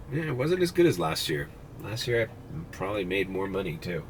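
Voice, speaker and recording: A young man, congested and sniffly, chatting casually and swearing a lot while driving at night for a rideshare vlog. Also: low-pitched. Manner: laid-back, swears often, says bro. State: congested, runny nose. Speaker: rideshare driver vlogger. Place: inside a car at night. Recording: faint road and car noise.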